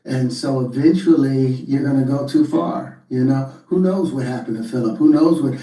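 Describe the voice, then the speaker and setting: A man speaking candidly in an interview clip, reflective, with halting restarts. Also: mid-range voice. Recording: dark roomy sound, distant mic.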